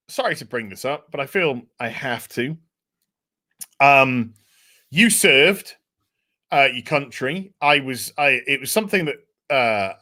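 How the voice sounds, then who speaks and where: A man's voice: mid-range voice, bright, forceful tone. A man hosting a casual podcast, swearing freely and reading out viewer messages. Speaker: podcast host.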